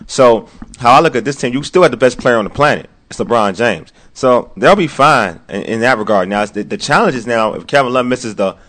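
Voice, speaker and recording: On his laid-back sports talk show, this host talks a little fast, full of animation, saying things twice and dropping into quiet, muttered side comments.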